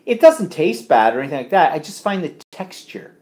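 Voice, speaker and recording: A man's voice: a little high, very animated, a little fast, a little mellow. Man, live-stream co-host at home, chatty, reads viewer comments, casual. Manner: chatty, reads comments aloud, frequent ums.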